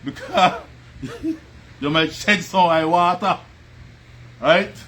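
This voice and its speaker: A man with a Belizean Creole English accent talks very slowly, his high voice swinging widely in pitch, as he hosts a casual livestream from home. Music plays behind him. He chats, laughs often and greets viewers by name.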